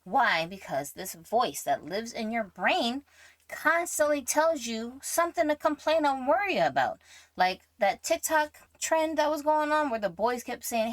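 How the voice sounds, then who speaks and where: A woman's voice: a little high, sing-song, unhurried, no echo. A woman commentator and author giving blunt, emphatic opinions, full of swearing and lecturing. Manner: profane, emphatic, preachy.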